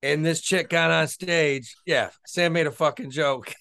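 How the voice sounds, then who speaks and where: Excitable, cursing man. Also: fairly high pitch, a little slow, gravelly. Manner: loud, excitable, swears a lot. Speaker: podcast co-host. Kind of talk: casual crude banter.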